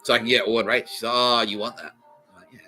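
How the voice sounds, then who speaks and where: A man's voice: mid-range voice, steady tone, quick pace, sharp tone, faint music behind. A young Australian man hosting a podcast, telling a profane comic story and acting out the people in it with frequent laughs. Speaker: podcast host. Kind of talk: comedic storytelling monologue.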